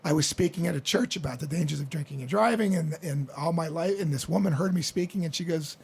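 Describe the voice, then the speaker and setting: Man, middle-aged, from the Midwest, high voice, heavy fry, animated storyteller. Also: quick pace. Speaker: podcast guest. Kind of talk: storytelling interview.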